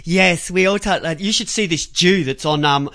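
A man holds the mic on a talk radio show and rants without letup. His voice is bright and forceful. He curses, mocks and breaks into shouts. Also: sits high, moderate pace, gravelly. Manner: ranting, profane, mocking, shouting in bursts. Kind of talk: angry radio rant.

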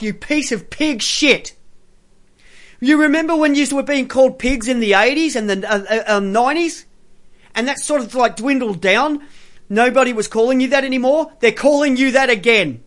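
A man's voice: sits high, fairly bright tone. Profane man commenting on clips. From Australia. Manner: contemptuous, profane, cheering on clips. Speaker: commentary streamer. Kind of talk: reaction commentary.

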